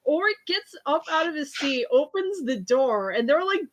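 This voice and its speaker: A woman talks through an episode recap in a loose, rambling way, full of fillers and quick self-corrections. Her voice sits a little high, and she giggles easily as she goes. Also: lively intonation.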